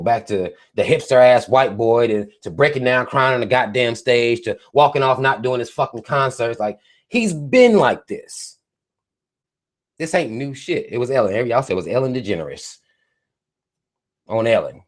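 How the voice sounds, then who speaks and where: A man's voice: medium pitch, animated, moderate pace. A man hosting a live stream, delivering a mocking, profane rant with heavy emphasis. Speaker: livestream host.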